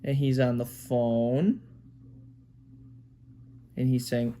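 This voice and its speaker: Slow, gentle father reading aloud. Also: mid-range voice, little pitch movement. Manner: gentle, pointing out pictures and making animal sounds. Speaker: father reading to his daughter. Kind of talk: picture-book read-aloud.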